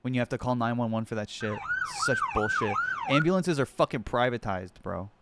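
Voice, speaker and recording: A man's voice: medium pitch, animated, fast, heavy background noise. A young man streaming and reacting to videos, talking to his chat in a profane, sarcastic way. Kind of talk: casual live-stream commentary.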